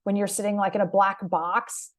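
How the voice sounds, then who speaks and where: A woman's voice: medium pitch, little pitch movement, normal speed. A woman hosting an interview podcast, speaking as a media coach in an encouraging, reflective way. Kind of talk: conversational interview.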